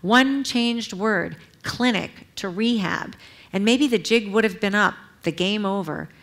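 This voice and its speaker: A middle-aged woman, an author, reading from her own memoir at a public library event in a measured, earnest way, with brief asides to the audience. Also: mid-range voice, fairly bright tone.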